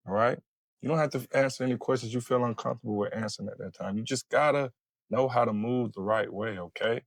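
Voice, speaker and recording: Speaking fast in a gravelly mid-range voice on a dry recording, a family court advice host from Florida coaches his listeners in an informal lesson. He tends to repeat points and keeps asking "all right?" to check in.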